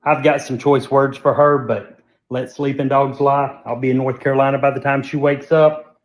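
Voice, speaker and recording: A man's voice: mid-range voice, moderate pace. Wry man in an echoey room. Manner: wry, drawling, deadpan humor. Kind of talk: casual phone video monologue.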